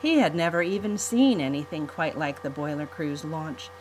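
Woman narrating a storybook, low voice. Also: animated, moderate pace, darkish tone, slight background noise, rough recording.

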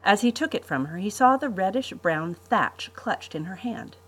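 A woman hosting a podcast, reading a family adventure story in a measured storybook way. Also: medium pitch, lively intonation, a bit bright, breathy edge, poor audio. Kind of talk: scripted story narration.

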